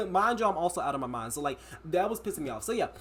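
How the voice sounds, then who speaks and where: A man's voice: sits high, sing-song, fast, slightly rough. A young man vlogging, telling a dramatic story in a casual, slangy way.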